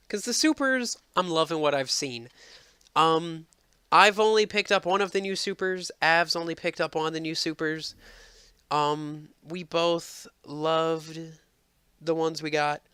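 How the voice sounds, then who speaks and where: A man's voice: on the high side, pushed and bright, clean tone, no echo. A man giving casual, rambling gameplay commentary as a game reviewer, exasperated and full of ums.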